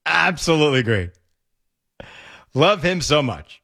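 A man's voice: on the high side, very animated, measured pace, vocal fry, pushed and bright. A man hosting a talk radio show, opinionated and laughing often. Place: radio studio.

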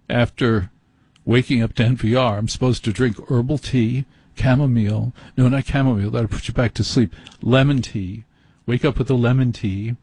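Husky late-night radio host. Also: male voice, mid-range voice, darkish tone, no room sound. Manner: self-deprecating, wry storytelling. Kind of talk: rambling comic monologue. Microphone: studio microphone.

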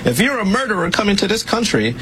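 A man's voice: high voice, big pitch swings, quick pace, a bit bright. Insistent man in a noisy TV clip. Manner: insistent, argumentative. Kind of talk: TV interview clip.

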